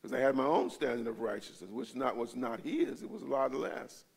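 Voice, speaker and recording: A man with a gravelly, creaky voice teaches a Bible study as a pastor. He talks casually and conversationally, stopping often to check that his listeners follow. He is in a church. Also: mid-range voice, expressive, brisk.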